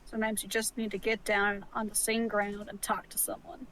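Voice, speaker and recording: A woman joins a tabletop fantasy game as a player, speaking in character. Her voice is bright and forceful, and she sounds blunt and impatient. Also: medium pitch, little pitch movement, normal speed, slight background noise, low-quality recording. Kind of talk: in-character tabletop role-play.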